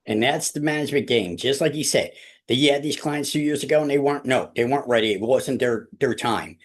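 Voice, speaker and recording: A man leading a real estate team meeting, emphatic and repetitive, often addressing the room as ladies and gentlemen. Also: medium pitch, brisk. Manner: emphatic, repeats key phrases, addresses listeners as ladies and gentlemen. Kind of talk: motivational team meeting talk.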